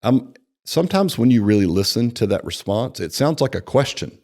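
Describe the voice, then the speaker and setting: A man giving conversational sales training, animated, acting out client dialogue and often checking in with "right?". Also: medium pitch, normal speed. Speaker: personal training franchise executive.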